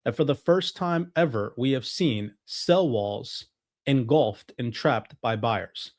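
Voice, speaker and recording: A man walking through trading charts as a market analyst, talking confidently and technically in a brisk, steady delivery. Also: medium pitch, no echo, studio quality.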